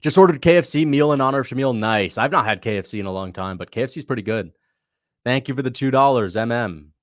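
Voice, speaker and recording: A man's voice: mid-range voice, expressive, dry recording, clean studio sound. A young man casually hosting a livestream, chatting loosely, laughing easily and thanking viewers as he reacts. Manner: loose, chatty, quick to laugh, reads out donations. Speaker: livestream host reacting to fights.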